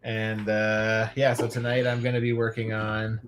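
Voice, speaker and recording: A man's voice: lowish voice, monotone, moderate pace, faint music behind. A man hosting a casual live stream, laid-back, laughing often and swearing now and then. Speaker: host of a live customizing stream.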